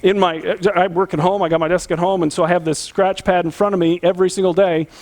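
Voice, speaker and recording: A man's voice: high-pitched, level tone, fast talker, darkish tone. A man. He preaches with earnest emphasis and keeps turning to the congregation with direct questions. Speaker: pastor. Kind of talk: conversational sermon.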